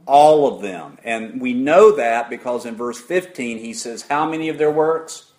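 A man preaching an interactive sermon, putting questions to the congregation in an emphatic, deliberate way. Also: mid-range voice, darkish tone.

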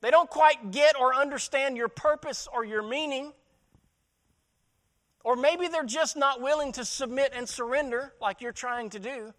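High-voiced man preaching a sermon. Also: a little slow, fairly bright tone. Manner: preaching with rising emphasis and rhetorical questions. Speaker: pastor.

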